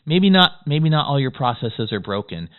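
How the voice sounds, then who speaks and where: Fast-talking man teaching over tinny audio. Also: medium pitch. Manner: fast-talking, excitable, peppers lines with "okay?". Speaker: business course instructor. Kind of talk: motivational course lecture.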